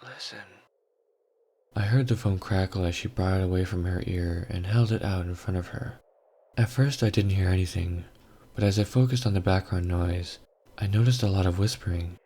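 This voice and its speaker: A man reading a scripted horror story aloud in a measured, grave first-person telling. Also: low-pitched, warm tone. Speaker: story narrator.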